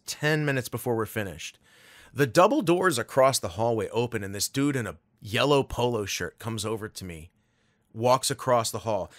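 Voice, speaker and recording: A man, a guest voice actor, telling a story in a casual interview, animated and swearing freely. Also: medium pitch, no room sound, clean studio sound.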